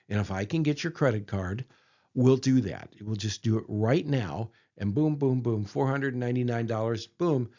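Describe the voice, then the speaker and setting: A man's voice: medium pitch, a little mellow. A middle-aged man giving an informal presentation, chatty, repeating himself and checking in with the audience. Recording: dull lo-fi recording.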